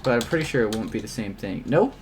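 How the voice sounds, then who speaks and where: Young guy, lowish voice, casual gaming chat, swears a lot, faint room hum behind. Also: expressive, fast talker. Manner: swears often, reads journal passages in a hushed voice. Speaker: game player. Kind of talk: casual let's-play chat with reading aloud.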